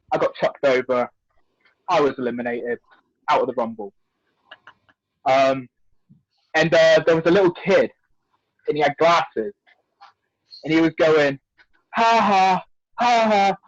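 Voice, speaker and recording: Male wrestler, animated anecdote teller, dry close lo-fi recording. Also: fairly high pitch, a little slow, pauses often, no room sound. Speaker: wrestler guest. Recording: dry, dull lo-fi audio.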